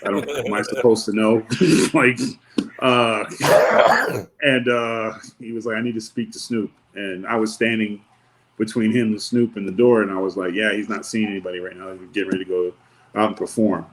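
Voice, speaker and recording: A man's voice: lowish voice, fairly even intonation, normal speed, a little hiss or hum, low-quality recording. A man on a podcast, a wrestler and former bodyguard, telling a long anecdote in a laid-back, wry way and acting out what other people said. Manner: laid-back, wry storyteller who acts out quotes. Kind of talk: storytelling anecdote in casual chat.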